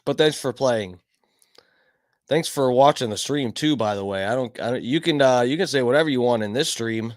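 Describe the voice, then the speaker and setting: A man hosting his own live stream, rambling casually with plenty of swearing and shout-outs to chatters by name. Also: mid-range voice, normal speed, dry recording, clean studio sound. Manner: rambling, profane, greets chat by name. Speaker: livestream host.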